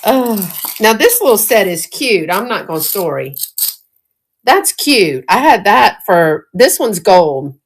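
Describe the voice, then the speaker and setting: A woman's voice: medium pitch, sing-song, slow, slight background noise. A middle-aged woman with a Southern US accent, chatting casually and folksily while showing thrifted jewelry, often breaking into giggles. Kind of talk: casual live-stream chat.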